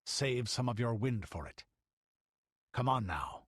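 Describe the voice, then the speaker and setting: A man's voice: medium pitch, animated, a little slow, a bit bright, slightly rough, dry recording, studio quality. Man voicing a curt barbarian warrior. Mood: commanding. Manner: curt, commanding.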